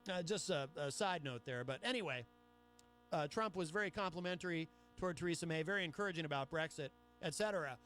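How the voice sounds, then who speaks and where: A high-voiced man hosts his own radio talk show, reading headlines aloud and breaking off into chatty, sarcastic asides. Faint music plays underneath. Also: fast talker, fairly bright tone. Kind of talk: solo talk radio commentary.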